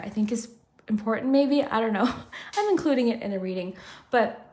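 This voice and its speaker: A woman's voice: fairly high pitch, animated, moderate pace, a little mellow. A woman doing a pick-a-card tarot reading, chatty and reflective, often saying "I feel like". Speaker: tarot reader.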